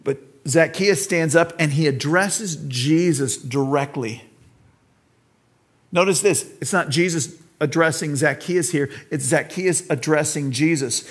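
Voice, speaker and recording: A man's voice: on the high side, a little slow, breathy edge. A pastor with an American accent preaching an earnest sermon to his church, now and then acting out voices in the story he tells. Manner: earnest preaching, acts out quoted dialogue.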